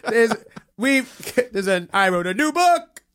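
A man putting on a hammy impression of a grand female talk-show host in a strained, wavering high falsetto. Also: sing-song, a bit bright, smooth, full character voice. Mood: grandiose. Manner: booming announcements, slow and drawn out.

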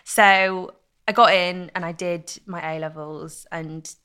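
A young woman, telling stories in a casual interview with lively, laughing chat. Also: on the low side, slow pace, clear, resonant tone. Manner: chatty, animated storytelling with laughs. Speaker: guest, content creator.

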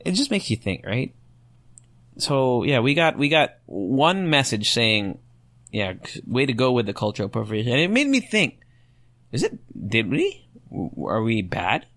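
A young man hosting a solo podcast, thinking out loud and rambling through rhetorical questions as he reads online comments. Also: medium pitch, big pitch swings, normal speed, no echo. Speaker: podcast host.

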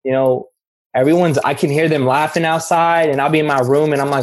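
A young man with a husky, slightly rough voice, talking candidly in an interview. He speaks in an earnest, slangy way, circling back and repeating himself as he tells his story. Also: medium pitch, steady tone, a little fast. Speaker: guest. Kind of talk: candid interview recounting addiction.

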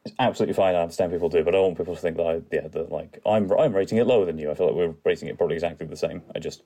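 A man co-hosting a podcast, chatting in a relaxed, easygoing way. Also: sits low, rapid-fire. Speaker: podcast co-host. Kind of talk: casual chat.

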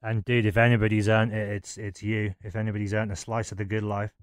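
Male podcast host, smooth voice, even delivery, earnest and affirming. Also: on the low side, fast talker, no echo, clean studio sound. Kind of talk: casual interview chat.

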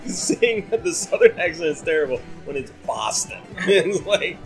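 A man's voice: fairly high pitch, sing-song, unhurried, soft background music. A man hosting a podcast in casual chat, rambling and laughing often. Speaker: podcast host.

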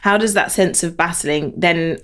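A woman co-hosting a casual podcast, animated and lively as she tells stories. She slips into the voices of the people she quotes. Her voice is somewhat low for a woman. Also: moderate pace. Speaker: podcast co-host. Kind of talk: casual conversation.

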